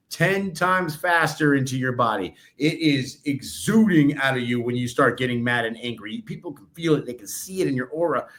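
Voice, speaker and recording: A male podcast co-host telling an animated motivational story and acting out the voices of people in it. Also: on the high side. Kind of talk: casual chat.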